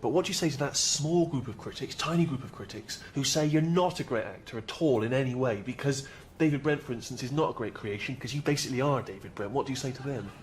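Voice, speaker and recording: Fast, awkward man playing an agent. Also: mid-range voice, a little hiss or hum, close to an everyday voice. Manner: awkward and hesitant. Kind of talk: scripted sitcom dialogue.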